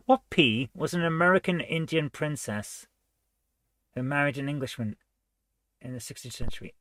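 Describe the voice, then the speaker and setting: A man hosting a retro gaming channel reads quiz questions aloud and chats casually while guessing answers, in a let's-play style. His voice is on the high side and fairly bright, with lively intonation at normal speed, captured in a dry recording.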